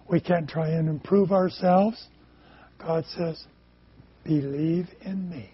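A man preaching a sermon in short phrases, pausing so an interpreter can follow. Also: fairly high pitch, fairly even intonation, breathy edge, dull audio.

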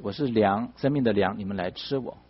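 Husky male sermon interpreter. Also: lowish voice, fairly quick, lo-fi sound.

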